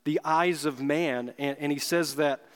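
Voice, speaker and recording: A man preaching a sermon as pastor, earnest and emphatic, slowing down to stress key words. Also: fairly high pitch, smooth. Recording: long hall reverb.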